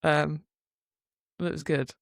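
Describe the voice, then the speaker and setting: Woman, young adult, UK, podcast co-host, gravelly edge, dry studio. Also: low voice, unhurried, no room sound. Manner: lively storytelling, acts out quotes. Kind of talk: casual chat.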